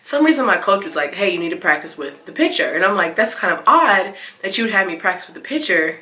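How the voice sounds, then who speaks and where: Bright, animated young woman vlogger. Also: mid-range voice, quick pace, reverberant. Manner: animated, acts out quotes with squeals and laughs. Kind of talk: casual storytime.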